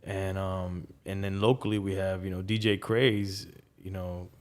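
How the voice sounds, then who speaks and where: A man's voice: low-pitched, flat delivery, measured pace, a little mellow. A man, a DJ guest on a podcast, talking in a laid-back way and swearing freely. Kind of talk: casual interview.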